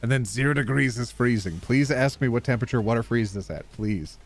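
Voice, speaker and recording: A man's voice: mid-range voice, brisk. A man from Canada playing a game on stream, reading its text aloud in a playful, joking way. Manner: playful, joking, laughs often. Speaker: gaming streamer.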